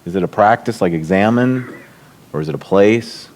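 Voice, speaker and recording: A man's voice: on the low side, lively intonation, normal speed. A middle-aged man speaking at a church leadership event, telling personal stories and lifting his voice to act out what others said. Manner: warm storytelling, acts out quotes with raised voice. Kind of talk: storytelling talk.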